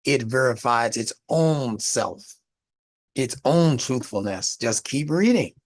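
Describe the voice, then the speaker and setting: A man's voice: mid-range voice, lively intonation, slow. A man teaching a religious studies class in a lecture, explaining word meanings and asking the class rhetorical questions.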